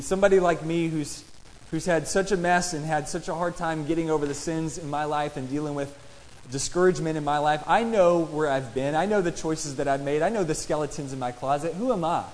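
A man's voice: a little high, brisk, a little hiss or hum. A man preaching a sermon and reading scripture, talking in a conversational way and putting questions to his listeners. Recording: long reverb in a large hall.

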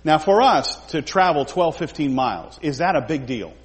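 Man, Bible study teacher; expressive pitch, acts out the quotes, recorded with a long hall echo. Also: moderate pace. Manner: animated, acts out quoted lines in character.

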